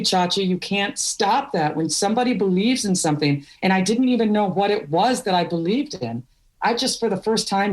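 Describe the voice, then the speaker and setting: A middle-aged woman from Wisconsin, a podcast guest telling candid stories with laughs. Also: fairly low pitch. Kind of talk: storytelling interview.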